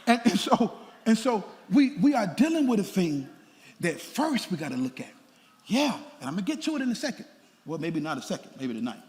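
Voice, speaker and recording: A pastor preaching a sermon, playful and animated, tossing laughing asides to the congregation. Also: male voice, high-pitched, a little fast. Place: large church sanctuary. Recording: church hall reverb with faint room noise.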